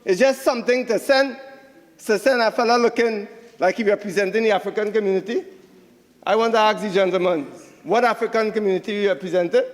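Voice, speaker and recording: A man's voice: sits high, steady tone, fairly quick, big-room sound. A man with a Trinidadian accent giving a combative senate debate speech, repeating phrases for emphasis. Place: senate chamber.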